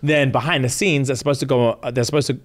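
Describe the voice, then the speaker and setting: A man's voice: medium pitch, fast. A man in casual chat, retelling a reality show and acting out everyone's lines. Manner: animated storyteller acting out quotes.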